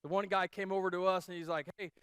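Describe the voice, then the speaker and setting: A male pastor from Iowa telling a long, animated story during a sermon, chatty and full of fillers and restarts. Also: sits high, fast talker, smooth, no room sound, studio quality. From Iowa, USA. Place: church.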